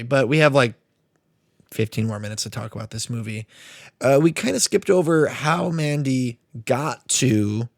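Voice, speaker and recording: A man's voice: mid-range voice, dry recording, studio quality. Rambling young man on a podcast. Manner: rambling, filler-heavy, swearing. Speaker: podcast co-host. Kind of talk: casual chat about movies.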